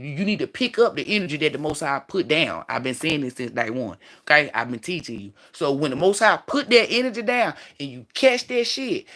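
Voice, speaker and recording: Brief: male streamer, bright edgy tone, profane and preachy rambling, slightly high voice. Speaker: livestream host. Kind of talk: spiritual livestream talk.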